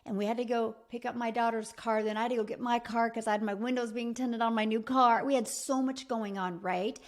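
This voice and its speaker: A middle-aged woman delivers a motivational talk as a business mentor, her voice pitched a bit high. She is emphatic and repetitive and speaks directly to the listener as a friend.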